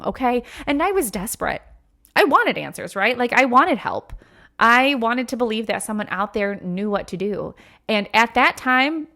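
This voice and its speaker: Woman host, thirties, slightly high voice, earnest and emotional, heavy fillers, personal podcast monologue. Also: fairly bright tone. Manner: acts out quoted voices with sudden pitch jumps.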